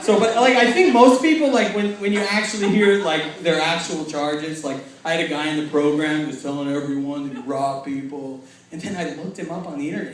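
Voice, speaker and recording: A young man doing stand-up, telling self-mocking stories and acting out quick quotes. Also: fairly high pitch, over a noisy crowd, very noisy. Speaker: stand-up comedian. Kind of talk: stand-up comedy. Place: large hall with a laughing audience. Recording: echoey hall taped from far off.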